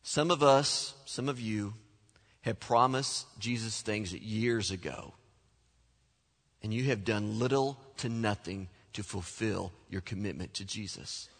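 A man preaching a sermon as pastor, animated, acting out the voices he quotes. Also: on the low side, slow pace, husky. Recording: long hall reverb.

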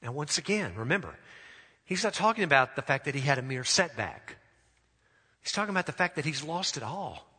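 A man preaching a sermon, drawing out phrases and letting his sentence endings fall soft. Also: on the high side, sing-song, brisk, slightly rough, long reverb tail. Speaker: pastor.

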